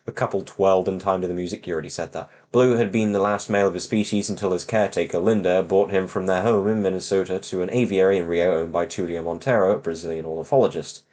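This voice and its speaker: A man's voice: low voice, steady tone, fast talker, hardly any pauses, darkish tone. A man reading a children's novel aloud to friends, breaking off with sarcastic asides. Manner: sarcastic asides, mock-dramatic. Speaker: reader on a voice chat.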